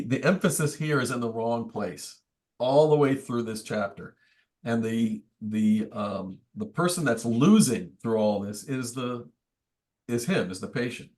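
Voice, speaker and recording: A man, a priest, teaching a book study group in a conversational, thoughtful way with wry asides. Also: medium pitch. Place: church meeting room.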